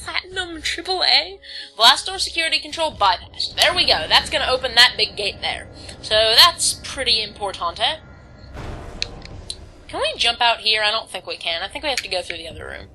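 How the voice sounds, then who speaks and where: A woman's voice: fairly high pitch, big pitch swings, quick pace, hardly any pauses, pushed and bright, a little hiss or hum, low-quality recording. A woman casually commenting on her gameplay, reading on-screen text aloud and stumbling over words now and then. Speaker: let's play host.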